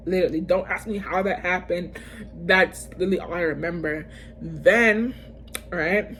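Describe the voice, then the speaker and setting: A woman vlogger telling a personal story in a casual storytime video, animated and slangy, often calling out to her viewers and restarting her sentences. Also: on the low side, slight background noise. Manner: fast bursts with frequent fillers and restarts.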